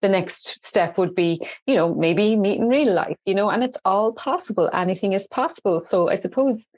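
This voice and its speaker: A woman's voice: mid-range voice, moderate pace, a little mellow, dry recording. An Irish woman, a guest on a podcast, talking in a cheeky, chatty way over a video call. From Ireland. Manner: cheeky and chatty, earnest about her story. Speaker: podcast guest, social media expert. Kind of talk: casual interview talk.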